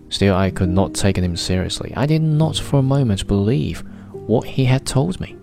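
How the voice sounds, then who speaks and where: Brief: male audiobook narrator, low voice, measured literary read, soft guitar underneath. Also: animated, creaky. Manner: measured, literary first-person reading. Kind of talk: scripted narration. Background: faint guitar music.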